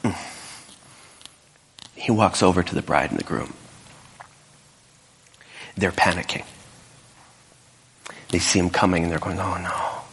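A man preaching a sermon, retelling a scripture story with animated storytelling. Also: low voice, a little slow, long pauses, a little hiss or hum. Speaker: pastor. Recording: reverberant hall.

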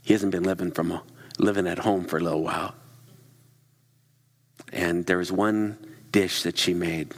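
A middle-aged man preaching a sermon, telling stories with animated delivery and dropping into quiet whispered asides. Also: low voice, moderate pace, pauses often, breathy edge. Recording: long reverb of a large hall.

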